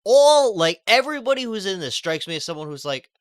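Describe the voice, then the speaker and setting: High-voiced man, sarcastic banter. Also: big pitch swings, fairly quick, clear, resonant tone. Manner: sarcastic, mocking put-on quotes. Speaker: podcast co-host. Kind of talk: casual chat.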